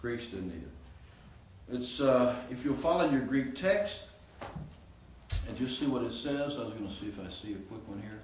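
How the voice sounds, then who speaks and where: Teaching Greek grammar to his class, a man with a mid-range voice moves at a moderate pace with lively intonation, asking questions and using many fillers. The echoey classroom recording, made with a distant mic, has a slight hiss or hum.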